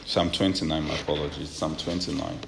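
A man preaching a sermon, reading scripture quietly at first and rising to loud, emphatic preaching with repeated amens. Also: extremely low pitch, little pitch movement, a little fast, creaky. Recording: echoey room with faint ambient noise.

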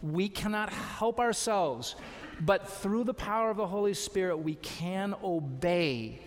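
A man's voice: high-pitched, measured pace, in a large hall. A man preaching a sermon as pastor, exhorting his congregation with repeated calls to trust and obey. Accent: American. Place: church sanctuary.

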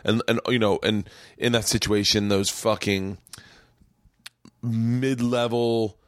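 A man's voice: on the low side, little pitch movement, takes it slowly, dry recording, clean studio sound. A man hosting a podcast, telling stand-up club stories in casual, profane chat and acting out the quotes in a raised voice. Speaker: podcast host and comedian. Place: small home studio room.

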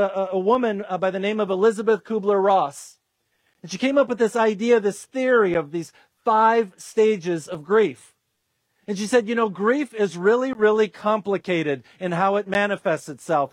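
Pastor, man, high pitch, earnest sermon delivery, dry close recording. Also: no room sound. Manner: earnest, acts out quoted voices, restarts with fillers.

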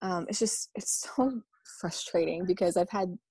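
Young woman, gravelly low voice, dry sound, halting candid storyteller. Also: a little mellow, dry recording. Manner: halting, full of ums and you-knows. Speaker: vlogger sharing a personal story.

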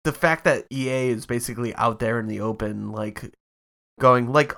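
A man's voice: mid-range voice, normal speed, creaky. A young man co-hosting a casual podcast chat, swearing freely and lapsing into mocking impressions. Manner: profane, animated, mocking impressions. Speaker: podcast co-host.

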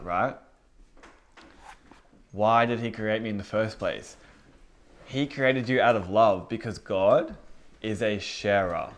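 Low-voiced man preaching conversationally. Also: unhurried, pauses often. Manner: informal, rhetorical questions, acts out inner voices. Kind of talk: conversational Bible teaching.

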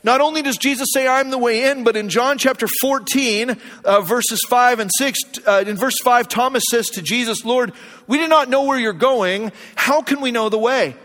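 Pastor, male, very high voice, earnest sermon delivery with hushed emphatic drops, reverberant church hall. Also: moderate pace. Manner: earnest, varies pace, drops to a low hush for emphasis. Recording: long reverb of a large hall.

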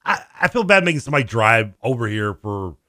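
A man co-hosting a radio sports talk show, telling stories in a lively, laughing, animated way. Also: mid-range voice, fast talker, no room sound, clean studio sound. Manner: animated storyteller, laughs often, acts out voices. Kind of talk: casual radio banter.

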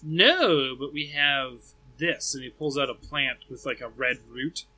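A man's voice: mid-range voice, animated, a little slow, pushed and bright, rough recording. A man running a tabletop game as game master, easygoing and hesitant with fillers.

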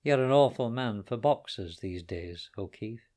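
A man's voice: medium pitch, lively intonation, measured pace, mellow, close to an everyday voice. A man reading aloud and voicing a wry younger Irishman who answers in short, dry lines. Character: wry younger Irishman, cocky then shaken.

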